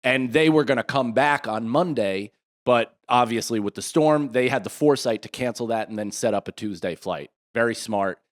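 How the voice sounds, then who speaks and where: A man in his thirties co-hosting a podcast in casual chat, telling a rambling, animated story full of restarts and asides. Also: medium pitch, moderate pace. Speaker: podcast co-host.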